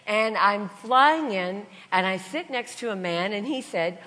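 A woman preacher, a little stuffy from a cold, who tells funny stories unhurriedly and slips into other people's voices. Her pitch sits in the middle range. Her voice carries with a long reverb across a large hall. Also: lively intonation, a little slow, few pauses, sharp tone. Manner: storytelling, puts on voices, laughs between lines. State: has a cold. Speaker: Christian speaker. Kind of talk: sermon with humorous travel stories.

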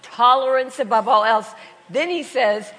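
A woman's voice: fairly high pitch, a little slow, fairly bright tone. A woman Christian speaker with a cold, preaching a sermon full of funny stories, putting on voices and laughing between lines. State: has a cold. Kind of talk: sermon with humorous travel stories. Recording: long reverb in a large hall.

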